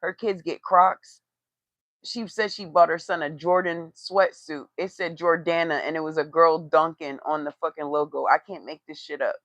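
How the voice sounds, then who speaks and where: A woman's voice: low voice, steady tone, normal speed, fairly bright tone, dry recording. A woman giving blunt, profane, mocking gossip commentary on a casual livestream. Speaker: tarot reader and commentator. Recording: dry, slightly dull lo-fi sound.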